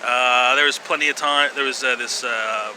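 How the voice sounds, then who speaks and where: A vlogger with a medium-pitched voice talks casually to camera at a moderate pace and a steady tone. He rambles hesitantly, full of fillers, sighs and wry little laughs, with outdoor street noise behind him.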